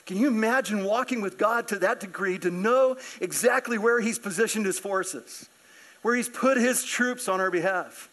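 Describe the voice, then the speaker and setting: A man preaching a sermon in a church, animated and acting out scripture characters. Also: sits high, normal speed. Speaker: pastor. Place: church sanctuary.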